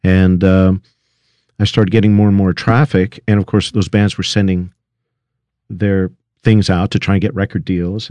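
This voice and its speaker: A middle-aged man with a very deep, low voice recounts his early days as a recording engineer. He talks in a halting way, full of restarts and fillers. The sound is dry and close, with no room around it. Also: warm tone, no echo. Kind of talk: storytelling interview.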